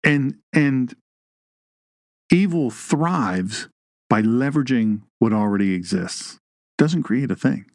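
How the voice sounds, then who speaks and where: A man's voice: mid-range voice, animated, slow, pauses often, darkish tone, dry recording, studio quality. A man hosting an online Bible teaching show, with a folksy, joking manner and emphatic rises on key points. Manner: folksy, jokey asides, reads live chat.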